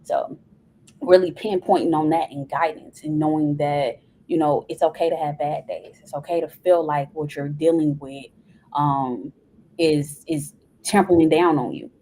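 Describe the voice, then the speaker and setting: A woman's voice: sits low, steady tone, unhurried, warm tone, a little hiss or hum, low-quality recording. A woman guest on a podcast, talking earnestly and giving advice in casual conversation.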